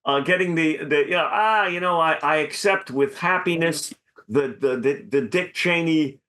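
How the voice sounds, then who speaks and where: Male podcast co-host: bright, punchy, slightly high, rambling, animated. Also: moderate pace, a little hiss or hum. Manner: animated, rambling with many restarts. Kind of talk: casual comedy chat.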